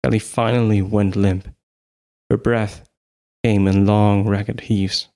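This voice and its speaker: A man's voice: lowish voice, level tone, slow pace, warm tone. A man narrating a horror story as an amateur audiobook reader, with small slips he corrects. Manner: plain reading with small slips and self-corrections.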